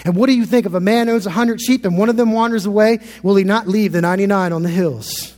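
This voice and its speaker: A man's voice: sits high, fast talker, a little mellow, long reverb tail. A man in his thirties preaching a sermon as pastor, earnest and often repeating words as he builds a point.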